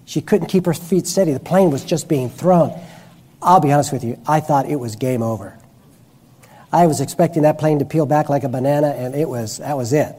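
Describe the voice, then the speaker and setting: A man's voice: a little high, brisk, dark tone. A man preaching a sermon who tells personal stories with frequent restarts and self-corrections.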